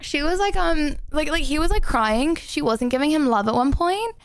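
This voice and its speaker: Woman, high-pitched, bubbly, rambling, live-stream chatter, dry room. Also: expressive, moderate pace, dry recording. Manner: bubbly and rambling, talking to chat.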